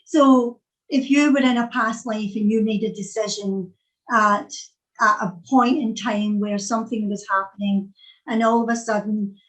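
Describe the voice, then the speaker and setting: A woman's voice: on the high side, steady tone, moderate pace, poor audio. A middle-aged woman with a Scottish accent, giving an earnest talk over a video call and repeating phrases as she searches for words. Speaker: psychic speaker.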